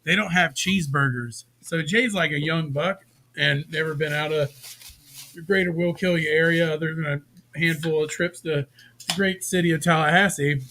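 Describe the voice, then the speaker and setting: Bright-voiced man telling stories. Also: a little high, moderate pace, slight background noise. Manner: profane, animated anecdote teller. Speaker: band member guest. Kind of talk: casual podcast storytelling.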